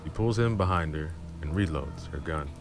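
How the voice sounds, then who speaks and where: A man reading a dramatic story aloud in a low, slow, intimate manner. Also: lively intonation. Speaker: storyteller streamer. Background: background music and rain.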